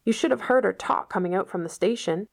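A woman voicing a shy, gentle older male farmer who speaks hesitantly and stammers. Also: mid-range voice, fairly quick, gravelly, voice pushed up.

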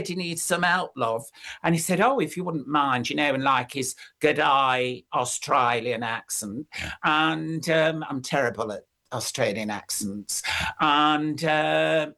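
An older speaker reminisces in an unhurried, drawn-out way. The talk rambles through plenty of fillers and restarts, then leaps up in pitch when excited. The pitch sits in a middle range. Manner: rambling and animated, with frequent fillers and sudden high pitch jumps. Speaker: interviewee, former pop singer. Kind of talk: casual reminiscing.

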